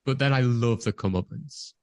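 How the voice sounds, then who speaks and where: A man's voice: medium pitch, moderate pace, no room sound. A man, co-hosting a podcast and talking through a film with eager enthusiasm. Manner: enthusiastic, acts out scenes. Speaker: podcast co-host. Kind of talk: casual movie review chat.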